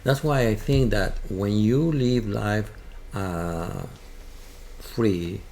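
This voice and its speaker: A man with a Spanish accent, a guest telling a halting, animated story in an interview. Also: lowish voice. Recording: faint background noise.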